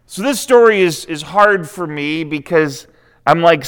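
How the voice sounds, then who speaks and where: Guy preaching, kinda high voice, smooth and clear, chatty storytelling with little asides. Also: lively intonation, unhurried, a bit bright. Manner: conversational, retells scripture with asides. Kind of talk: sermon.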